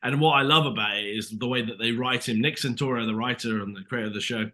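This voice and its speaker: A man with a British accent and a bright, forceful voice, talking in a casual interview. He spins his stories with energy, acting out what others said and scattering fillers throughout. His pitch sits in a middle range. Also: fast. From Britain. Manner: animated storyteller, acts out dialogue, many fillers. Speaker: actor, interview guest.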